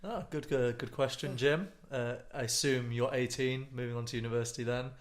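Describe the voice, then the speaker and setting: A man's voice: mid-range voice, fairly quick. Young man giving laid-back, joking advice. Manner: relaxed, joking advice-giver. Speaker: podcast co-host. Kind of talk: casual podcast chat.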